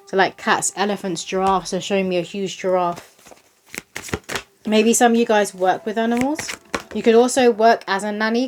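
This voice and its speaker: A woman's voice: medium pitch, darkish tone, slight background noise. A woman host giving a casual spiritual reading to her viewers, chatty and rambling, with lots of likes and ums. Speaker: psychic reader.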